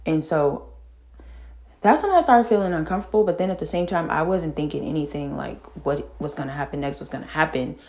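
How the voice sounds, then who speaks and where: A middle-aged woman telling a painful personal story in casual talk, halting and full of fillers and restarts, sighing and shaken. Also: low-pitched, darkish tone. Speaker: vlogger telling her own story.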